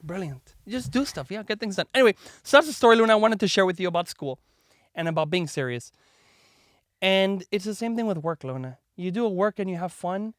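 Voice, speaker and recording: A man hosting a podcast, telling a story to his daughter in a chatty, animated way, full of "like" and "right?", and acting out the voices of the people in it. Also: high-pitched, a little fast, no echo, studio quality. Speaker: podcast host.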